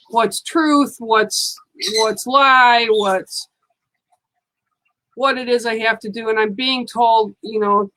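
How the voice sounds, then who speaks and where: A woman's voice: fairly high pitch, a bit bright, poor audio. A woman giving a psychic card reading on a live stream, speaking in a soothing, reassuring way and often checking in with "okay".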